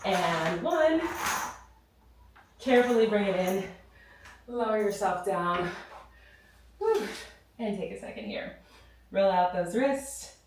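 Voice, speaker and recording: Out of breath, a Pilates instructor leads a follow-along reformer class in a studio, offering encouraging cues and counting reps. Her mid-range voice is slow and lively with frequent pauses, and the distant mic picks up roomy echo plus slight hiss or hum.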